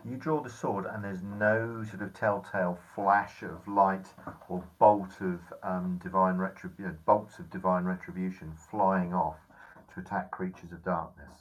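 A man runs a tabletop game as its game master, his voice sitting low. He describes each scene at length, pausing now and then to find his words. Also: fairly even intonation, lo-fi sound. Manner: descriptive, hesitant with fillers.

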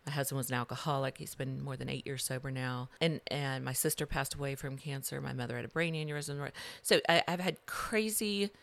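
Low-voiced animated woman telling her story. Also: quick pace, gravelly, hardly any pauses, dry recording. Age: middle-aged. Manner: animated storyteller, swings between loud and hushed. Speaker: guest, author. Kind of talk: podcast interview storytelling.

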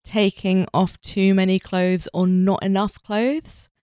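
A woman's voice: medium pitch, level tone, slow pace, dark tone, dry recording. Woman, podcast host, rambling, self-mocking, filler-heavy, dry studio sound. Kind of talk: casual podcast storytelling.

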